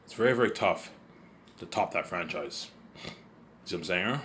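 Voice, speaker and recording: A man's voice: low-pitched, animated, moderate pace, fairly bright tone, slight background noise. A man vlogging in a rambling casual monologue, repeating himself, stumbling over words and swearing freely.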